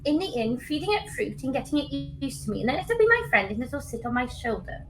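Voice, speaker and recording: A woman playing her character in a tabletop game, giggly, putting on a high voice for her character's lines. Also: sing-song, fast. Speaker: player. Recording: faint background noise.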